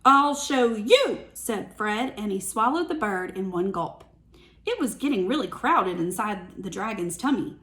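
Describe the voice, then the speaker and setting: A woman reading a picture book aloud as a teacher, with slow, expressive storytelling. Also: medium pitch.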